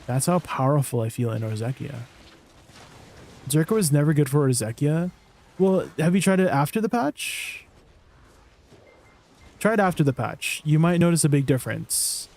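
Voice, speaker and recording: A man's voice: on the high side, expressive, normal speed, pauses often, darkish tone. Chatty young man streaming a game. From Canada. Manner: chatty, answers chat questions, laughs at himself. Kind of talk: casual live-stream chat.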